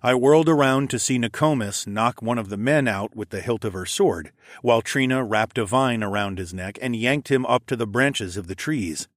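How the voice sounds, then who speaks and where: A man reading a first-person audiobook in steady, measured scripted narration. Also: medium pitch, no room sound, clean studio sound.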